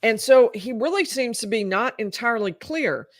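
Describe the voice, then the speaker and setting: A woman's voice: a little high, expressive, moderate pace, dry recording, studio quality. A woman lawyer giving live legal commentary in an explanatory, emphatic way.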